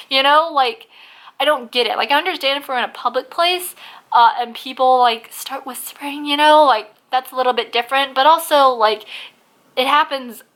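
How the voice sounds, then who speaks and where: A woman's voice: high voice, normal speed, a bit bright. A woman ranting in a casual vlog, blunt and full of swearing, who says she is losing her voice. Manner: blunt, swears a lot, heavy use of "like". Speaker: vlogger.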